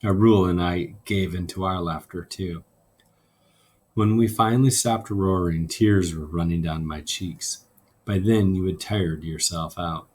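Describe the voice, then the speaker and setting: With a low-sitting, slightly mellow voice, a man who teaches reads aloud from a novel to his students, unhurried and voicing each character's lines. He then sets a class assignment, and there's a bit of background noise.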